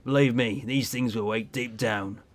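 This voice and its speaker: A man reading as a gruff old sea captain. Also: mid-range voice, steady tone, voice pushed down, close to an everyday voice. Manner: slow, heavy storytelling read-aloud.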